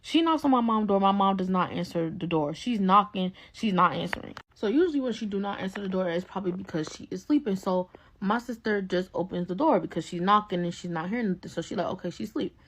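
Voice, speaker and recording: A young woman telling a casual story-time in an animated, exasperated way. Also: mid-range voice, fast, slight background noise.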